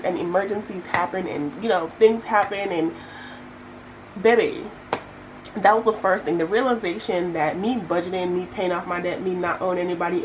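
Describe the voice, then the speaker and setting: A young woman, chatting casually to viewers as she works through her budget, telling stories with lively asides. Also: fairly low pitch, background noise. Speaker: budgeting vlogger. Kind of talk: casual chat while budgeting.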